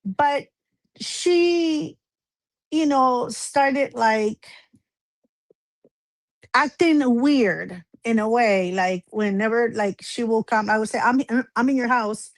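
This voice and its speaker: A woman's voice: a little high, extremely slow, pauses often, no room sound. Woman, 40s, talk-show guest, chatty rambling storyteller, dry close sound. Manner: rambling personal storytelling with many fillers. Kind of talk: casual chat.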